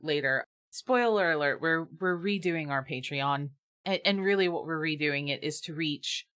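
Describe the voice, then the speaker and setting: A woman co-hosting a podcast in casual chat, blunt and profane, often swinging into animated rants. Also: deep voice. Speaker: podcast co-host.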